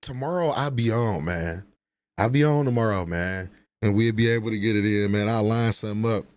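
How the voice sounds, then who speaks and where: Dude on a livestream roasting chat, low voice, aave, profane and laughing. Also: male voice, brisk, darkish tone, clean tone. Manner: trash-talking, laughing, profane banter. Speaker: livestream host.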